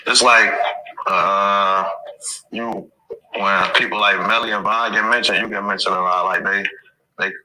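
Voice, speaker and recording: Low-voiced man asking hesitant questions. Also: steady tone, a little slow, pauses often, sharp tone, slight background noise, low-quality recording. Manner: hesitant, filler-heavy questions. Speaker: interviewer. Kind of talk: casual interview.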